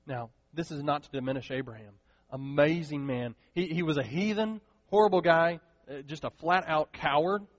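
A preacher with a high, ringing voice who delivers his sermon with animation, slipping into the voices of the people he quotes. His voice carries a long hall reverb, and the recording sounds a little dull. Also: moderate pace. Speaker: pastor.

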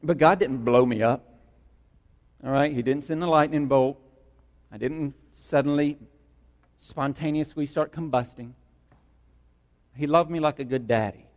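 A man's voice: medium pitch, a little slow, pauses often, in a large hall. A man preaching a sermon as pastor, passionate and conversational, driving points home with emphatic repetition.

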